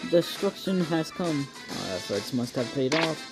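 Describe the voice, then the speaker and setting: A man's voice: on the high side, sing-song, unhurried. A man voicing a glitchy robotic vault management system that makes formal, pompous announcements. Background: background music.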